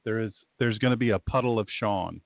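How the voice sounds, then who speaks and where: Low-voiced Southern preacher on a phone line. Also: male voice, brisk, vocal fry, no echo. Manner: rambling, folksy, repeats himself, fired up. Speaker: talk show host and pastor. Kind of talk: casual radio talk. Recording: tinny dry phone-line audio.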